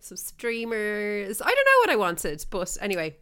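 A woman's voice: medium pitch, wildly swooping pitch, unhurried, sharp tone, smooth. An Irish woman hosting a podcast, telling gossipy stories in casual chat with plenty of laughter. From Ireland. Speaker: podcast host.

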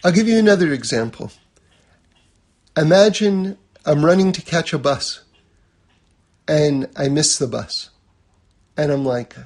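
Male religious teacher, high husky voice, relaxed conversational lecturing with everyday examples. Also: unhurried, long pauses.

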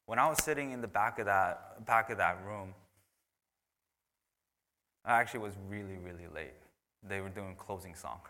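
A man's voice: lowish voice, normal speed, pauses often. Preaching man in a reverberant hall. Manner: shifts between loud emphatic preaching and hushed whispers. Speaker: pastor. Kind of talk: sermon.

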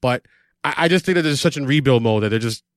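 A man's voice: medium pitch, fast talker, no echo, clean studio sound. A man hosting a podcast in casual chat, rambling with fillers and restarts. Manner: rambling, lots of fillers and restarts, playful impressions. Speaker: podcast host.

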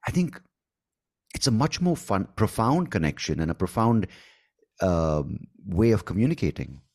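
A man with an Indian accent hosting an interview, enthusiastic and halting, with many restarts. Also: lowish voice, big pitch swings, a little mellow. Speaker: podcast host. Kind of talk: conversational interview.

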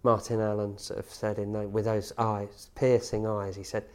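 A man's voice: fairly low pitch, little pitch movement, normal speed, darkish tone. A man in an interview, reminiscing in a loose, rambling way with many fillers. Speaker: interviewee reminiscing about a manager.

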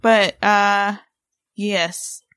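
A woman in her thirties co-hosts a loose, excitable chat, wandering through her points with plenty of fillers. Her voice sits at an ordinary middle pitch. The sound is dry and close, with no room around it. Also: drawn-out words, clean tone, dry recording. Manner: rambling, many fillers, excitable. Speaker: podcast co-host. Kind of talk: casual chat about haunted places.

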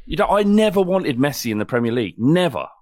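A man's voice: on the high side, big pitch swings, fast, darkish tone, no echo, studio quality. A man co-hosting a football podcast, talking bluntly with stammering restarts and the odd swear. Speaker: podcast co-host. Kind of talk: casual football chat.

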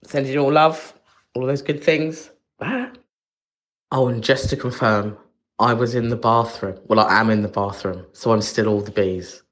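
A bubbly caller leaving a voice message from a bathroom, speaking in a slow, drawn-out way. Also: medium pitch, a bit bright, slight background noise.

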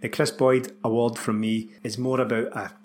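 Scottish bloke on a footy podcast, mid pitch, bit of hum in the background. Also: male voice, level tone, normal speed, a little mellow. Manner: opinionated, laughs easily. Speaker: podcast co-host. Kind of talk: casual football chat.

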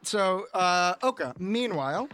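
A man's voice: sits high, animated, a little slow, a bit bright, smooth. A man narrating a tabletop game as game master, in a loose, rambling way full of fillers.

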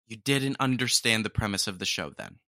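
Female podcast host, playful reactor, bright and dry close sound. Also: extremely low pitch, animated, brisk, no echo. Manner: playful, reacting with laughs and "dude". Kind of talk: casual commentary on clips.

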